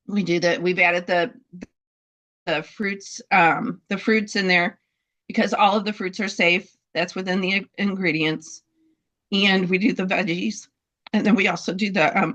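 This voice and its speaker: A woman telling a heartfelt story about her dogs' health, halting, with many fillers and restarts. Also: mid-range voice, a bit bright. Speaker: dog breeder sharing a testimonial. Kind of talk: casual testimonial in a group talk.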